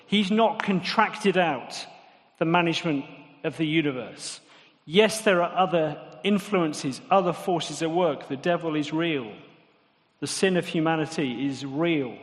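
A man delivers a sermon in a church hall, speaking conversationally and turning to the congregation with questions. His voice sits a little higher than most men's. A long reverb from the hall trails behind each phrase. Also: unhurried. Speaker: preacher.

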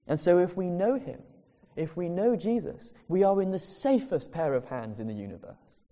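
A man preaching in an earnest, emphatic way, drawing out the phrases he wants to land. His voice is dark and mellow, and long reverb from a large church hall rings behind every line. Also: sits high, animated, moderate pace, hardly any pauses. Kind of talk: sermon.

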